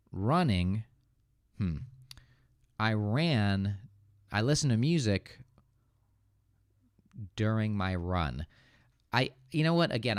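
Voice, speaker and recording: Low-voiced American man, hesitant. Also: dry recording, clean studio sound. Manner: hesitant, thinks aloud with restarts. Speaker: English teacher hosting a livestream. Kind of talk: casual livestream Q&A.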